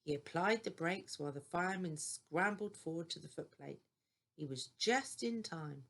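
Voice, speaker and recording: An older woman reading a children's bedtime story aloud in a gentle, deliberate way. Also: fairly low pitch.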